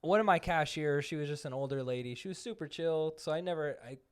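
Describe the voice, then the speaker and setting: A young man co-hosting a podcast, telling stories in an animated casual way and laughing often. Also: on the high side, fast, clear, resonant tone. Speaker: podcast co-host. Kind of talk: casual chat.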